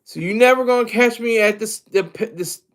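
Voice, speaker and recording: A man's voice: high voice, normal speed, a bit bright. A man streaming a crude, mocking, rambling commentary rant.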